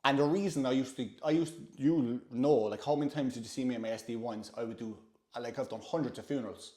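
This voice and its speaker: An Irish man telling stories in relaxed, chatty conversation, at a middling pitch. The room gives his voice a roomy echo. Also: quick pace. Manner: chatty, anecdotal. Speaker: host, former soldier. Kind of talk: casual chat.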